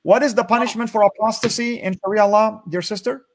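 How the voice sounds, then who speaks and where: A man's voice: high-pitched, steady tone, fairly quick. A man hosting a talk show, affirming his guest and making pointed debating remarks. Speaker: host. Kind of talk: casual talk show interview.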